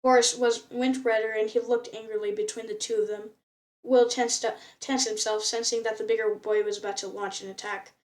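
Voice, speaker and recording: A woman's voice: on the high side, little pitch movement, brisk, darkish tone, recorded from a distance. Woman reading aloud, stumbling often. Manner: unpolished reading, frequent stumbles and restarts. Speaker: reader.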